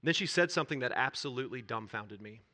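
A man shares a raw personal testimony before a church group. His voice is bright and forward, with hesitant restarts, sinking to near-whispers on the painful parts and lifting with energy when he is stirred. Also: mid-range voice, expressive. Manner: earnest, halting confession that drops to near-whispers and swells when stirred. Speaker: church speaker.

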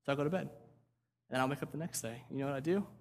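A man's voice: mid-range voice, rapid-fire, big-room sound, slight background noise. A man preaching a sermon as pastor, talking casually, repeating words and asking "right?".

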